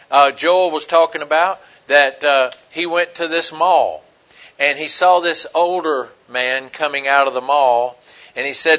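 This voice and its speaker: A man's voice: a little high, measured pace, fairly bright tone. A man preaching an informal sermon, telling stories in a rambling, conversational way with many fillers.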